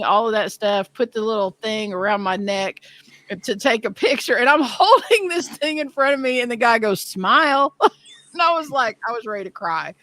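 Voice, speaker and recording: Animated woman in her fifties telling stories. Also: mid-range voice, no echo. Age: 50s. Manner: animated, laughing, self-deprecating storyteller. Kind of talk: casual storytelling chat.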